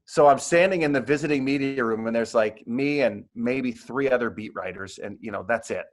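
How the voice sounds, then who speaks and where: A man's voice: mid-range voice, fairly quick. A man, a sports anchor, telling a self-mocking story in casual chat. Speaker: sports anchor and podcast guest.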